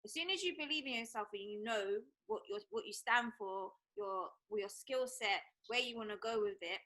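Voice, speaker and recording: A woman DJ talks softly and encouragingly in a relaxed podcast conversation. Her voice sits fairly high. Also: moderate pace. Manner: soft-spoken, encouraging. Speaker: DJ guest. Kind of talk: casual podcast chat.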